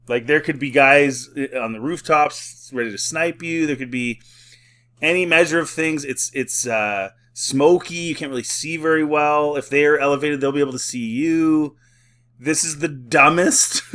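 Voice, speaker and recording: A man's voice: a little high, a little slow, bright, forceful tone. A man giving a casual spoken review, rambling with lots of filler words and frequent chuckles, sometimes mocking and sarcastic. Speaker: film and TV reviewer.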